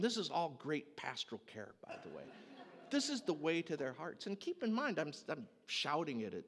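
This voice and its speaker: A man preaching a sermon, telling a dramatic story in an animated way. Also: on the high side, moderate pace, husky, big-room sound. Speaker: pastor.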